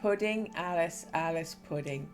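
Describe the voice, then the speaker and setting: A woman with a fairly low voice reads a game's dialogue aloud as a streamer. She moves between calm, even reading and high, excited outbursts. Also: normal speed, soft background music.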